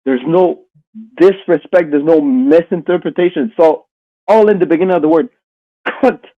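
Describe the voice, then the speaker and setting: A man's voice: a little high, normal speed, lo-fi sound. A man co-hosting a casual podcast, teasing and joking crudely with his partner. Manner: teasing, crude jokes, playful. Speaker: podcast co-host.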